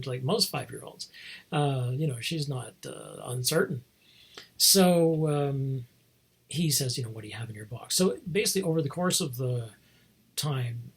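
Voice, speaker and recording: A man with a very husky, breathy voice talks casually as a podcast host, wandering through a film's story. He digresses often and restarts his sentences, at a middling pitch. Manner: rambling, digressive, many fillers and restarts. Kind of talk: casual film review.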